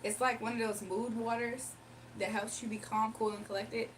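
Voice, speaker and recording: A woman's voice: a little high, flat delivery, normal speed, far from the mic, a little hiss or hum. A young woman hosting a casual livestream, chatting, laughing often and reading viewers' comments aloud. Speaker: livestream host doing readings.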